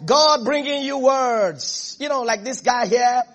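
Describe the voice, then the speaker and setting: A man's voice: very high-pitched, slow pace, a bit bright. A man preaching a sermon as pastor, emphatic and repetitive, calling out questions to his congregation.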